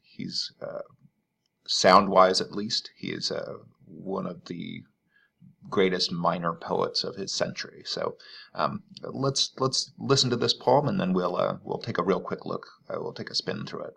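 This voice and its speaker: A man's voice: low-pitched, normal speed, gravelly, a bit bright, breathy edge. A man teaching literature in an informal recorded lecture, thinking aloud in a loose, conversational way.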